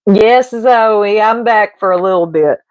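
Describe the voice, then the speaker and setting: In a laid-back home stream, a woman speaks a little slowly to her audience, gossiping, rambling and breaking into laughs. The mid-pitched voice is close to the mic, dry, and has no echo.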